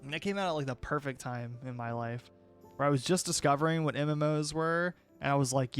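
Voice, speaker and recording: A young man with a slightly high voice chats casually with his stream audience. He rambles, restarts his sentences often and holds firm opinions, while faint music plays behind him. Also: fairly quick, clean tone, dry recording. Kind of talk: casual chat with viewers.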